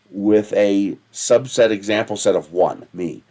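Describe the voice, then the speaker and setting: A man's voice: lowish voice, takes it slowly, pauses often, dark tone. A man hosting a casual livestream, telling rambling stories with a lot of swearing and laughing at himself. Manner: digressive, profane, laughs at his own stories. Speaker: livestream host.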